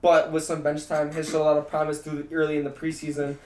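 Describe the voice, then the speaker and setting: A young man co-hosting a casual sports podcast, loud and rambling, laughing often. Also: fairly high pitch, completely flat delivery, fast talker. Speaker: podcast co-host. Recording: echoey room with faint noise.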